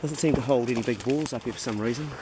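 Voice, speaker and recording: A man's voice: mid-range voice, fast talker, very noisy. Older laid-back New Zealand man outdoors. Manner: laid-back, chatty, bursts into loud praise for his dogs. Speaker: pig hunter and channel host. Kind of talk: casual outdoor hunting vlog. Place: outdoors in hill bush country.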